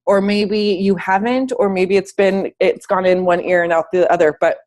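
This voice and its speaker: A woman's voice: mid-range voice, steady tone, moderate pace, darkish tone. A sick, slightly wheezy woman giving an upbeat, emphatic motivational talk as a fitness coach on a team call from home, speaking in casual slang. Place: at home, in bed.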